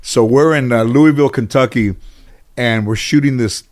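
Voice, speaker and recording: A man's voice: medium pitch, moderate pace. A man in a casual interview, telling long anecdotes full of fillers and restarts, and acting out the people he quotes. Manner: rambling, filler-heavy, animated when quoting others. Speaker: interview guest.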